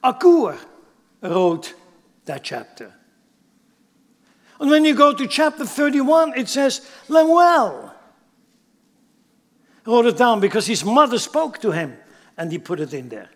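High-voiced man preaching in a reverberant hall. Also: sing-song, takes it slowly, pauses often. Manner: emphatic, asks the congregation rhetorical questions. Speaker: pastor. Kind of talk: sermon.

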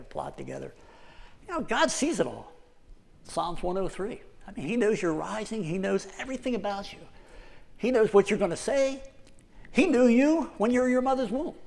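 A man gives a relaxed, talky sermon, circling back over his own phrases and slowing down to read scripture. His voice sits a little high for a man. The sound carries a long reverb from the hall. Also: creaky. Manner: conversational, repeats himself, scripture read slowly. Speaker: preacher. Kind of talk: casual sermon.

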